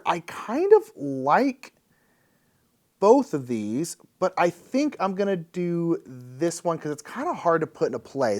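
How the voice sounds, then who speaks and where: A man casually talking through a solo board game, thinking aloud as he explains the rules, upbeat and playful. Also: fairly high pitch. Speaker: board game channel host.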